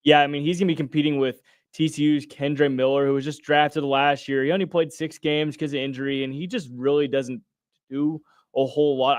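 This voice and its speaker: A young man co-hosting a sports radio show, talking earnestly and halting with frequent restarts, with an American accent. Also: medium pitch, clean tone, no room sound, studio quality. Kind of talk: casual sports talk radio.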